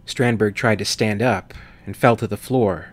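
A man narrating a sci-fi horror audiobook with steady, measured reading. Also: lowish voice. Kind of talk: scripted narration.

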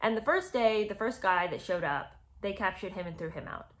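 A woman's voice: mid-range voice, a little fast, shouting, heavy background noise. A woman giving casual, sarcastic commentary on a memoir and talking straight to her viewers as friends. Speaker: book commentator. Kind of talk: casual book commentary with read-aloud passages.

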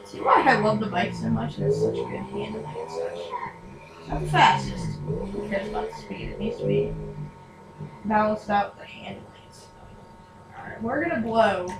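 Chatty gravelly woman gamer, echoey room. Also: very deep voice, wildly swooping pitch, moderate pace, long pauses. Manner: chatty, self-mocking, giggly. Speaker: gaming channel host. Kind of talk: casual gameplay commentary. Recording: echoey room, distant mic, noisy.

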